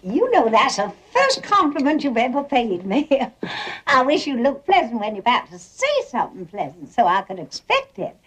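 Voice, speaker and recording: An actress in a stage drama plays a middle-aged, faded Southern belle mother who chatters on, gushing and theatrical with breathy laughs and an American Southern accent. Her voice is on the high side, very animated, fairly bright, at normal speed, and fully in character.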